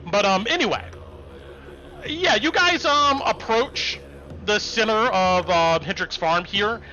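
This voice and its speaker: A man's voice: high voice, takes it slowly, pushed and bright. A man narrating as game master on a live stream, talking casually with fillers and restarts. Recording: dull lo-fi stream audio with faint music.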